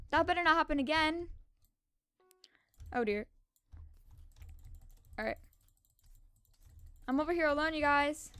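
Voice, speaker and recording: A young woman giving casual, excitable commentary on her own gameplay and repeating words fast when tense. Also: extremely high pitch, no room sound. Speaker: gaming channel host.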